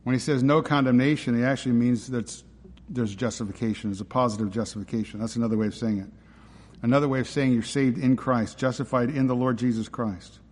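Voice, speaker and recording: Preaching emphatically yet conversationally, a pastor frequently throws rhetorical questions at his listeners. He talks fast at a medium pitch, with a darkish tone and fairly even intonation, and a long hall reverb surrounds his voice.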